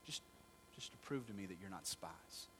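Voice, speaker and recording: A man's voice: low-pitched, animated, moderate pace, a bit bright, slight background noise, pitched below the performer's own voice. A male preacher voicing a stern male ruler who accuses his brothers of spying. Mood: scheming.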